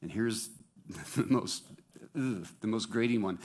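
Man, pastor, lively sermon delivery, chatty and playful with the congregation. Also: mid-range voice, measured pace.

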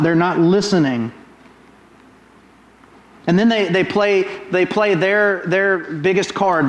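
A middle-aged man preaching a sermon in a church, animated and full of rhetorical questions. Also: sits high. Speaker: pastor. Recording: roomy echoing hall.

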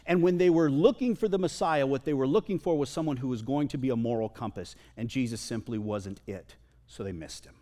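A man's voice: mid-range voice, a little fast, dark tone. A male pastor giving a sermon in a church hall, talking conversationally and often repeating words as he goes.

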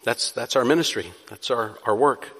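A man's voice: medium pitch, moderate pace, fairly bright tone. A man preaching a sermon as pastor, emphatic, asking questions and answering them himself. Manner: emphatic, asks and answers his own questions. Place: church sanctuary. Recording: reverberant hall.

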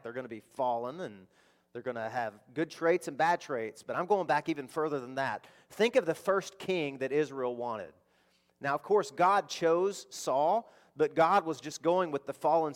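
Guy preaching to his church, slightly high voice, lots of "right?" questions, long hall echo. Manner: conversational preaching with rhetorical questions to the congregation. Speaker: pastor. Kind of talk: sermon.

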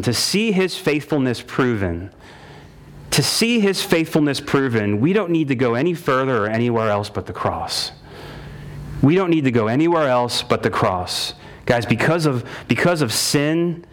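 Male pastor, emphatic sermon delivery, repeats lines for stress, mid-pitched voice. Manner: emphatic preacher, repeats lines for stress, says "man" and "guys".

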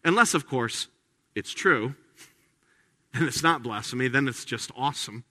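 Bright-voiced male preacher in a reverberant hall. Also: mid-range voice, measured pace. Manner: animated preaching with quoted voices. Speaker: pastor. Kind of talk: sermon.

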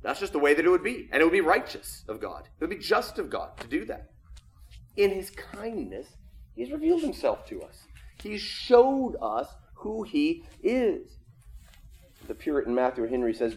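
A man preaching a sermon, talking in a conversational, earnest way that swings from loud emphasis to hushed tones. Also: a little high, wildly swooping pitch, normal speed. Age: adult with children. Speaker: pastor.

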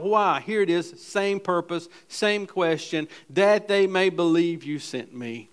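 A man preaching a sermon, reading scripture aloud and swinging between hushed, quiet passages and loud, fervent ones. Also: high voice, slow, few pauses, smooth. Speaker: pastor.

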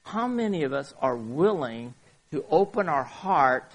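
Male pastor, sermon delivery, husky edge, dramatic shifts between loud points and soft asides. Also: on the high side, measured pace. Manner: animated, swings from loud emphasis to quiet asides.

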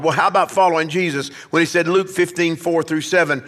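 A man's voice: fairly high pitch, fairly even intonation, fast, hardly any pauses, fairly bright tone, long reverb tail. A man preaching a sermon as pastor, swelling to emphatic peaks as he drives his points home. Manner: preaching, rising and emphatic at climaxes.

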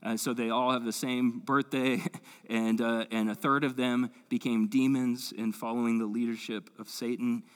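A man's voice: medium pitch, flat delivery, moderate pace. A male pastor teaching the Bible in an enthusiastic, conversational way, often saying "man" and "like". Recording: long hall reverb.

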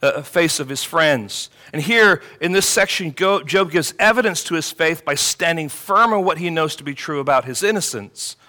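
A man's voice: on the high side, bright, forceful tone. A man preaching a sermon, explaining a scripture text with emphasis when quoting it. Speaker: pastor.

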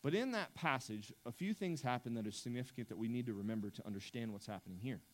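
A man's voice: mid-range voice, animated, fast. A man preaching a sermon as pastor, conversational and emphatic, often restarting his sentences.

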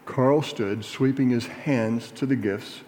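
A man reading a personal memoir aloud in a measured, earnest storytelling manner, in a reverberant room. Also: mid-range voice, fairly even intonation, warm tone, a little hiss or hum. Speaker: reader. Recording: reverberant hall.

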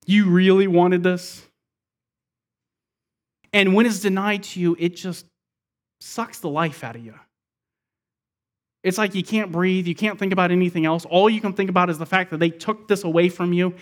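High-voiced man preaching a sermon. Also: moderate pace, long pauses. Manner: expository, explains scripture verse by verse. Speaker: pastor.

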